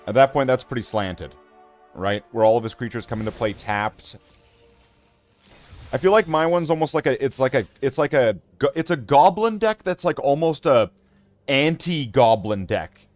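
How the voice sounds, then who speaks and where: A man streaming a card game, rambling and talking himself in circles, often trailing off into low mutters. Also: expressive, normal speed, faint music behind. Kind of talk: casual gameplay commentary.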